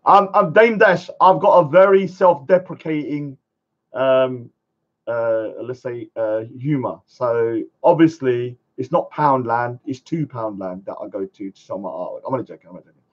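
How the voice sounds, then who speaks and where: A man hosting a live stream, chatting casually and rambling, sometimes shouting at viewers. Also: medium pitch, normal speed. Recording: dull lo-fi stream audio.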